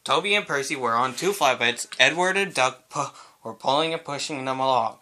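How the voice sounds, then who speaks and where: A man's voice: mid-range voice, animated, normal speed, pushed and bright. A man narrating a homemade children's story about engines, reading plainly with small slips.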